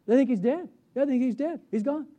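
A man teaching a sermon, animated and chuckling, who keeps putting rhetorical questions to his listeners. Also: very high voice, fast talker, lo-fi sound. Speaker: Bible teacher.

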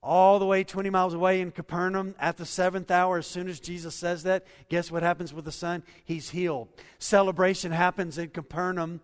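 A male pastor preaching a sermon in a church hall, swinging between soft, low passages and loud, raised ones. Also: steady tone, moderate pace, hardly any pauses. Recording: long reverb of a large hall.

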